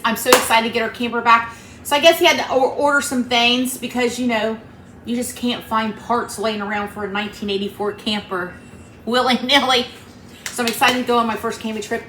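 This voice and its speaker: Chatty Appalachian woman in a roomy kitchen. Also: a little high. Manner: chatty, homey and upbeat, talking to viewers as friends. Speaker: cooking channel host. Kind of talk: casual cooking vlog. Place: home kitchen. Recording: roomy kitchen with faint background hum.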